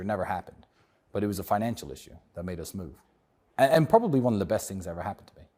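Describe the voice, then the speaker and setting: A man with a British accent, talking as a guest in an interview in a measured, reflective and outspoken way. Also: lowish voice, sing-song, mellow. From England. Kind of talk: casual interview talk.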